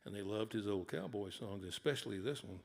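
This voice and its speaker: A man's voice: fairly low pitch, brisk, vocal fry. A man, an author and singer-songwriter, telling folksy, rambling stories between songs at a live concert hall. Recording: long hall reverb with guitar.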